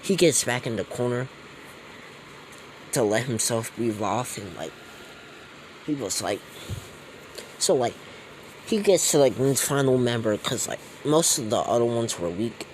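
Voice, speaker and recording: A man's voice: mid-range voice, expressive, unhurried, long pauses, a little hiss or hum, rough recording. A man casually retelling a fan story, rambling and slangy with many fillers.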